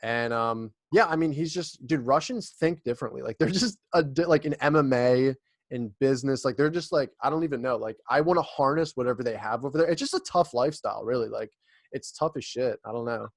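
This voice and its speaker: A young man hosts a podcast in a loose, laughing, swear-filled chat. His voice sits at an ordinary middle pitch, recorded close and dry with no room sound. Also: fairly quick, no room sound. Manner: laid-back, profane, laughs often. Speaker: podcast host. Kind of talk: casual chat.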